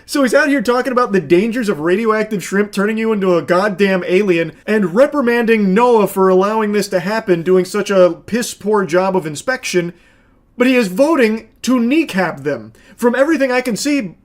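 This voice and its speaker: A man streaming casual reaction commentary, sarcastic and exasperated, swearing often as he picks apart a clip. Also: high-pitched.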